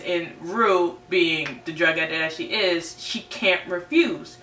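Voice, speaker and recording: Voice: medium pitch, takes it slowly, few pauses, pushed and bright. A TV series reviewer giving a casual, chatty episode recap, full of "right?" and "you know". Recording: roomy, distant mic, faint hum.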